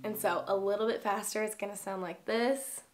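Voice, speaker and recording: A woman's voice: mid-range voice, steady tone, moderate pace. A young woman giving a casual guitar lesson, calling out long and short strums as she plays. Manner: explains strumming patterns, counting long and short. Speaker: guitar teacher. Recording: loud guitar playing throughout.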